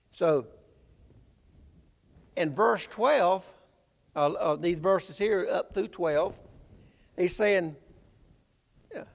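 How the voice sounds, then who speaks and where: A man preaching a Bible-class sermon in a halting, conversational way, often repeating words. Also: high voice, vocal fry. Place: church sanctuary. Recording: reverberant church hall.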